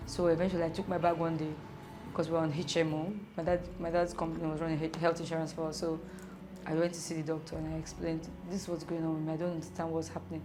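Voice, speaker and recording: A young woman telling her own story in an animated way, with rhetorical questions and laughing asides. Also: low-pitched, quick pace. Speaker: interviewee. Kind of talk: personal storytelling. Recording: music playing underneath.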